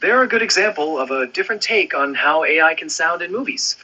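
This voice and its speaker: Bright, husky male AI assistant voice. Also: a little high, lively intonation, fairly quick, poor audio. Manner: smooth, agreeable, polished phrasing. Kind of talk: conversational assistant replies.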